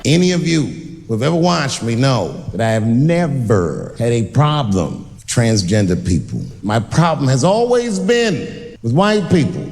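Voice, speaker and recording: A man doing a stand-up comedy set on stage, telling stories with animated delivery and voices that jump high for the characters. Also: unhurried, slight background noise. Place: comedy stage before a live audience.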